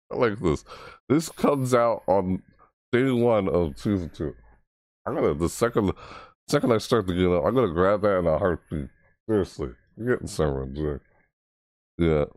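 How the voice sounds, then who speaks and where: A man hosting a casual reaction video, rambling excitedly about a game trailer. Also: moderate pace, pauses often, no echo, studio quality. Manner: excitable, rambling, mimics game voices in high yelps.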